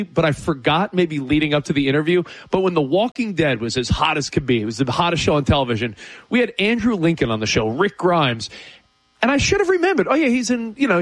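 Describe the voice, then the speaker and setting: A man co-hosting a sports talk radio show, telling a story in a lively way. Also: a little high, dry recording. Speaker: radio co-host. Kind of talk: casual sports radio banter. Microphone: studio mic.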